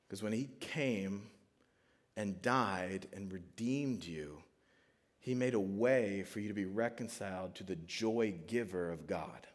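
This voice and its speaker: A middle-aged man preaching in a casual, conversational way, reading scripture and telling family stories. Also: fairly low pitch. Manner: conversational, animated storytelling with frequent "like". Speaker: pastor. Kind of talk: sermon.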